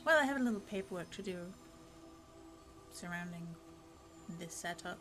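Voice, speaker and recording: A woman's voice: lowish voice, lively intonation, normal speed, long pauses, music in the background, rough recording. A woman running a tabletop game podcast as game master, chatty and often drifting off topic.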